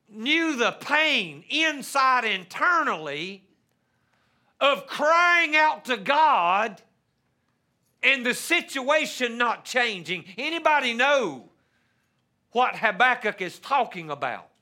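A male pastor delivering a sermon in an unusually high, ringing, bright voice. He speaks very slowly and deliberately, stretching key words. He often repeats a word as he starts a sentence, and his preaching swells into earnest pleading. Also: big pitch swings. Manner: measured preaching that builds to impassioned pleading.

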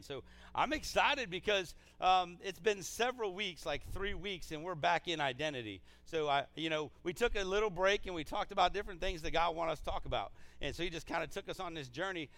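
A man pastor preaching a sermon in a church, casual and energetic, with frequent restarts. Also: fairly high pitch, a little fast, a little hiss or hum. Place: church sanctuary.

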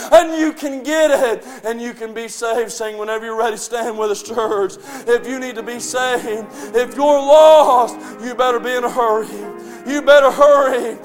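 A man preaching a sermon as pastor, in a chanting, sing-song style that rises to shouts. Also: extremely high pitch, steady tone, unhurried, hardly any pauses, soft background music. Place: church sanctuary.

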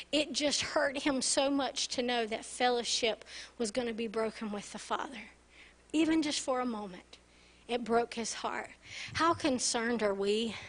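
A woman's voice: fairly high pitch, fairly bright tone. A woman pastor preaching an earnest sermon, often turning to the congregation with "right?".

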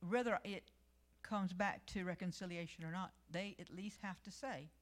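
A woman's voice: lowish voice, moderate pace. A woman giving a midweek church devotional, earnest and conversational, telling personal stories and reading scripture aloud. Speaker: church speaker.

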